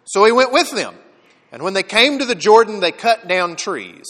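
Man, pastor, sermon, expressive storytelling, high voice, swooping pitch. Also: moderate pace, big-room sound. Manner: animated storytelling preacher with dramatic emphasis.

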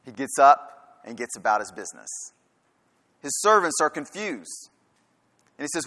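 A man's voice: mid-range voice, unhurried, pauses often, pushed and bright. A man preaching a sermon in a church, firing rhetorical questions and hammering his points home through repetition. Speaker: pastor. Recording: long reverb of a large hall.

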